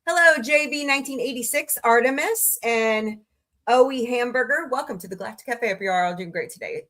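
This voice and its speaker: A woman hosting a casual livestream, greeting viewers by name and listing her channels, tired and low on energy today. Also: fairly quick, fairly bright tone. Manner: chatty, greets viewers by name, rattles off lists. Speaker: livestream host.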